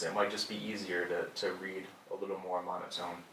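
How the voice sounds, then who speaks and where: A man's voice: low voice, level tone, fairly quick, hardly any pauses, fairly bright tone, a little hiss or hum. A man casually teaching church readers, tagging his points with "right?". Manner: conversational, often ends points with "right?". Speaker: workshop instructor for church readers. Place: church hall. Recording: echoey room, mic from a distance.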